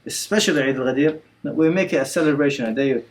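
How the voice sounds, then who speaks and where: A man in his natural register leads a relaxed religious lesson indoors. He retells the story in a loose, conversational way, full of fillers and restarts, and mixes Arabic words into his talk. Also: mid-range voice, fast, poor audio. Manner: retells scenes with quotes and frequent fillers; code-switches with Arabic words. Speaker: religious class teacher. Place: indoor community centre class.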